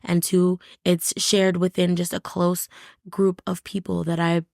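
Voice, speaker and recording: A woman's voice: fairly low pitch, little pitch movement, unhurried, vocal fry, darkish tone, no room sound, clean studio sound. A woman guest on a podcast, talking candidly and reflectively in short, restarting phrases. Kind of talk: candid conversational interview.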